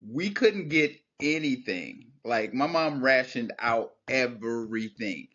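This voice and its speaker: A man talks through childhood memories as a podcast guest, reflective and then animated, in a mid-pitched voice. The audio is a touch dull and lo-fi. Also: takes it slowly. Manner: storytelling, reflective, animated when recalling childhood. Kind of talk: casual heartfelt conversation.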